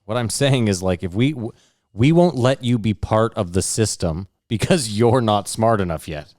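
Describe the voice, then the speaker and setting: A man's voice: fairly low pitch, normal speed, darkish tone, dry recording, studio quality. A man hosting a podcast in casual chat, blunt and crude.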